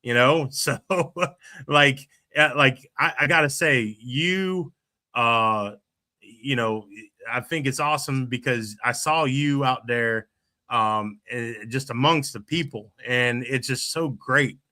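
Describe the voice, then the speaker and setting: A man's voice: medium pitch, slow, sharp tone. A middle-aged man, hosting a casual podcast chat and rambling with many restarts and fillers. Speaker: podcast host.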